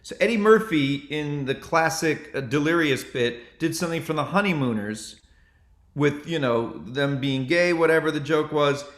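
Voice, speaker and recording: A male comedian chatting casually and telling animated stories. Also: fairly high pitch, normal speed. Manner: animated storytelling. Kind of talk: casual chat. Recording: roomy echo.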